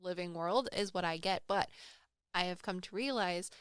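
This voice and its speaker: A woman's voice: lowish voice, moderate pace, a bit bright, smooth, dry recording. A woman co-hosting a podcast, telling stories about being a medium in a rambling, self-deprecating, chatty way. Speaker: podcast co-host and psychic medium. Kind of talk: casual podcast storytelling. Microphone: studio microphone.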